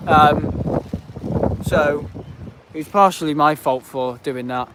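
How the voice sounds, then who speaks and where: A man's voice: a little high, steady tone, a little slow. A man hosting a casual live stream outdoors at an airport, rambling and aggrieved with many fillers. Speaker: livestream host. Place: outdoors at an airport visitor park. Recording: noisy outdoor stream audio.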